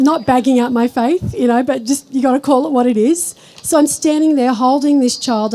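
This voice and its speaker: A woman giving a live spiritual talk to an audience, chatty and storytelling, slowing down when she speaks of God. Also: on the high side, dark tone, rough recording. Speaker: spiritual teacher.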